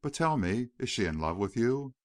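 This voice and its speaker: A man reading the lines of a poised, sharp-tongued young Eastern woman in an audiobook, with blunt, quick retorts. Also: mid-range voice, big pitch swings, no room sound, clean studio sound, close to an everyday voice.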